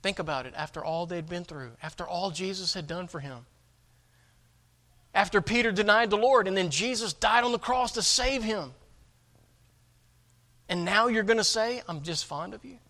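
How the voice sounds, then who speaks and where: A male pastor preaching with a high, bright, forceful voice. He is emphatic and stumbles into repeated words as he drives each point home. His delivery swings between loud stresses and quieter asides. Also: moderate pace, long pauses. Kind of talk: sermon.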